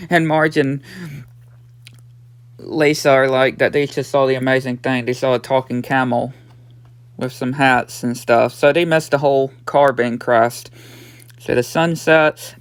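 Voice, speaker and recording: A man's voice: medium pitch, clean tone, no room sound. A nineteen-year-old man casually recapping a cartoon episode, rambling along with lots of "yeah" and "and" fillers. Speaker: episode reviewer.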